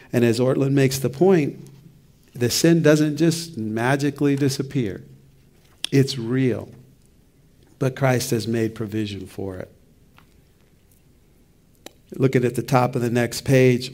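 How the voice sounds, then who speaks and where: A middle-aged man, a pastor, teaching a church book study in a conversational, reflective way. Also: medium pitch. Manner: conversational, reflective, with soft laughs and restarts.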